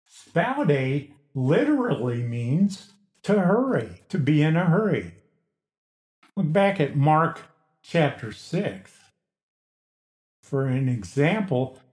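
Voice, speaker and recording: A man preaching a Bible-teaching sermon, slow and deliberate, stressing key words emphatically. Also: a little high, a little mellow, reverberant. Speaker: pastor. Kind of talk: expository sermon.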